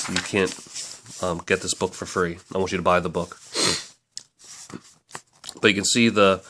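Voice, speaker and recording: Casting: low-voiced man, relaxed rambling reviewer, talks things through out loud. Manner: chatty, rambling, self-correcting. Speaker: book reviewer. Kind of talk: casual book review to camera.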